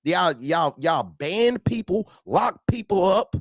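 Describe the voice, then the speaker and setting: This heated, profane talk-show rant comes from a man whose high voice swings widely in pitch, moving slowly with vocal fry. He swears nonstop and repeats his outbursts, and the recording is dry, clean studio sound.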